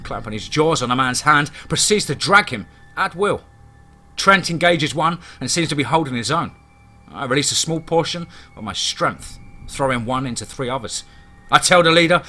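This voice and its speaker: Man, first-person horror story narration, steady and dramatic, bright voice. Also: medium pitch.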